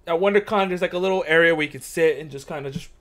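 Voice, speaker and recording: A man's voice: a little high, racing, fairly bright tone. A man co-hosting a podcast, telling stories in a casual chat and laughing through them. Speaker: podcast co-host.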